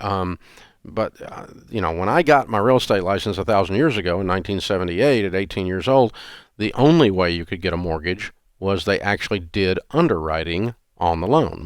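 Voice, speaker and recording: A man's voice: low-pitched, no echo, studio quality. A man in his sixties hosting a call-in advice show, talking in a blunt, folksy and sarcastic way and acting out quoted voices. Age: 60s. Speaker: radio show host.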